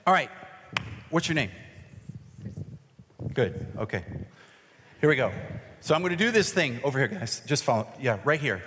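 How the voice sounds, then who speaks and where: Casual pastor in a reverberant hall. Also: male voice, medium pitch, very animated, normal speed, long pauses, fairly bright tone, a little hiss or hum. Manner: casual, self-deprecating, joking with volunteers. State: voice cracking. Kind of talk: sermon with a live object lesson. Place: large hall with an audience.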